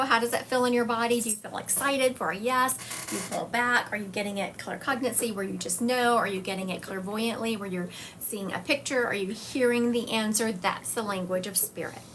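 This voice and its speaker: A woman's voice: fairly high pitch, a bit bright, slight background noise. A woman hosting a live-streamed psychic reading session, talking to her chat viewers in an encouraging, direct way. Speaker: psychic medium host.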